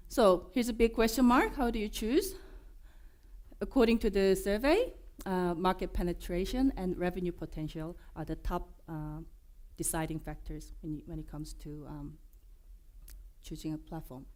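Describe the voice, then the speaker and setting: A woman with a Korean accent presenting at a developer conference, her voice hoarse from being unwell, joking and filling pauses with many fillers and restarts. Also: on the low side, a little mellow. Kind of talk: conference talk. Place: conference room.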